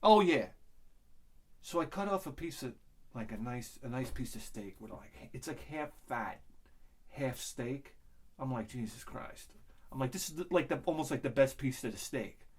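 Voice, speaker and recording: A man's voice: medium pitch, expressive, moderate pace, husky. A middle-aged man hosting a vlog, telling a crude, rambling comic story with many restarts. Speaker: vlog host.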